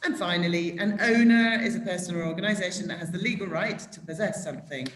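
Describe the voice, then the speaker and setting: A woman's voice: on the low side, fast, reverberant, slight background noise. A woman teaching English who reads out definitions and corrects pronunciation. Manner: clear, corrective, stresses pronunciation. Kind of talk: reading out vocabulary definitions.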